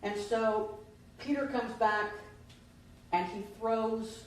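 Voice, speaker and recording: A woman minister with a high-leaning, steady voice speaks slowly through a conversational Easter sermon, asking the congregation questions. A distant mic captures her in a very echoey church sanctuary, with faint noise present.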